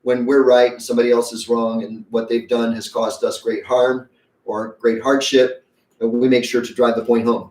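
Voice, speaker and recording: A man's voice: mid-range voice, flat delivery, normal speed, darkish tone, reverberant, recorded from a distance. A man preaching a sermon as pastor, conversational and folksy, acting out quotes as he goes. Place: church sanctuary.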